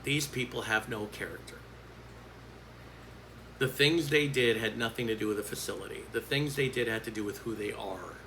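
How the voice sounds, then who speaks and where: A man's voice: fairly low pitch, moderate pace, bright, forceful tone, slight background noise, rough recording. A man who works as a coach, speaking in a bitter, blunt and profane vlog rant.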